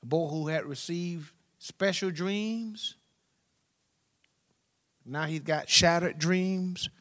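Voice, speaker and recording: A pastor preaching a sermon, swinging from loud, rising exclamations to low, quiet asides. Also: male voice, takes it slowly. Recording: long hall reverb.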